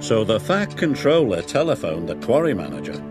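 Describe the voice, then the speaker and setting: Storybook narrator man, lively intonation, slow reading over music. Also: fairly low pitch. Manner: expressive. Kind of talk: storybook read-aloud.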